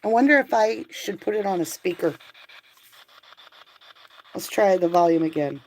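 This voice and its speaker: A woman's voice: fairly low pitch, animated, normal speed, low-quality recording. Woman host, casual live-stream chat, chatty and apologetic, phone mic. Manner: chatty, apologetic, talks to viewers while fiddling with gear. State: out of breath from the stairs. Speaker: host of a live tarot and spirit box stream.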